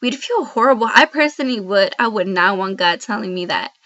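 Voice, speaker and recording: Medium in pitch, expressive, brisk and a bit bright, this woman is a Christian vlogger speaking to camera. Her devotional vlog is earnest, heartfelt and rambling, addressed straight to viewers, and the laptop built-in mic yields dull lo-fi sound.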